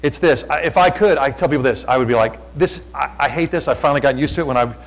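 A man preaching a sermon, telling folksy stories and talking loud, often repeating his phrases. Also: medium pitch, fast talker, low-quality recording. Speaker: pastor.

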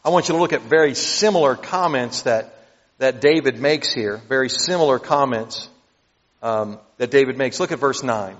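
A man preaching a sermon, reading scripture aloud and explaining it with animated emphasis that sometimes builds to near shouting. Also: medium pitch, normal speed. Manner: animated, rising to near shouts at emotional peaks. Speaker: pastor. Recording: dull audio in a hall with long reverb.

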